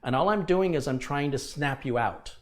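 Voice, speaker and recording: A man's voice: fairly high pitch, lively intonation, normal speed. A man hosting a live computer repair stream, talking casually but with passion and emphasis, lecturing his viewers. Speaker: livestream host. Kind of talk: casual livestream talk.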